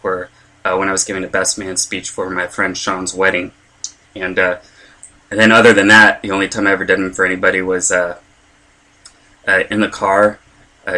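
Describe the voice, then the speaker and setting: Bright-voiced young man rambling casually. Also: low-pitched. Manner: rambling, many fillers, self-deprecating. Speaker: stand-up comedian and podcast host. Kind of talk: casual podcast monologue.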